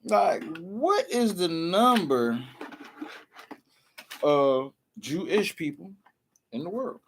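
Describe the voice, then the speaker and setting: Slow, lively-pitched man talking casually. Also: slight background noise. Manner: loose, slangy, full of "like" and "man". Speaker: vlogger. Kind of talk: casual commentary to camera.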